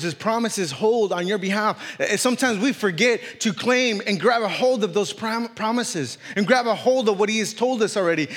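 With a high, fairly bright voice, a non-native English speaker preaches in a church hall. He reads scripture, then repeats his points with growing emphasis, and makes self-conscious jokes about his accent. The recording carries a long hall reverb.

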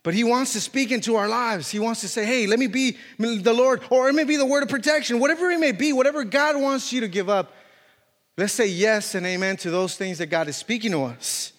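Man, pastor, high voice, animated sermon, lots of fillers, long hall echo. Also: brisk. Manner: animated preaching with frequent fillers and restarts. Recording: reverberant hall.

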